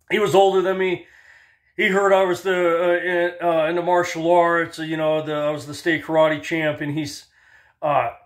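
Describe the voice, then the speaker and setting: Animated, higher-voiced man ranting. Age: 30s. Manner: animated storyteller, swears, acts out voices. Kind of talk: casual ranting commentary.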